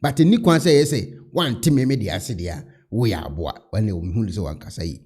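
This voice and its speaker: A Ghanaian man with a husky, mellow voice whose pitch moves freely as he comments. He switches between Twi and English, and his delivery is opinionated and casual. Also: animated, brisk. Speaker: vlog host.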